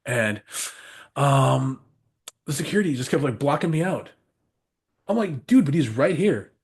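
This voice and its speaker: A man on a podcast telling rambling, animated road stories, laughing often and swearing freely. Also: mid-range voice, unhurried, breathy edge. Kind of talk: casual storytelling chat.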